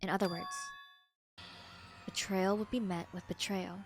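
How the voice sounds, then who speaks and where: A woman's voice: mid-range voice, steady tone, a little slow, background noise, close to an everyday voice. A woman voicing an earnest young male narrator, reading reflective game narration aloud. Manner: quiet, reflective.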